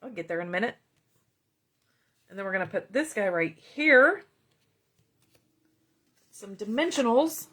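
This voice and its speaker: A woman's voice: medium pitch, expressive, measured pace, long pauses, a bit bright. Chatty woman hosting a crafting tutorial. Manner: chatty, talks directly to viewers, greets commenters by name. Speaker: card-making video host.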